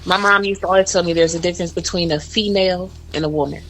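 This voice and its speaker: A woman's voice: fairly low pitch, steady tone, fast, a bit bright, low-quality recording. A woman in her forties, a guest in a radio studio, telling a heartfelt story about motherhood while holding back tears. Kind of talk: emotional personal story.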